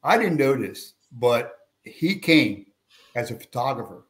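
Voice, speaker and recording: A man's voice: medium pitch, unhurried. An older man from Pennsylvania recounts stories as a podcast guest. His mid-range voice lifts sharply when he acts out other people's lines. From Pennsylvania, USA. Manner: animated anecdotes with raised voices for quoted people. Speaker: guest, veteran and retired police officer. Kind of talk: storytelling in a podcast interview.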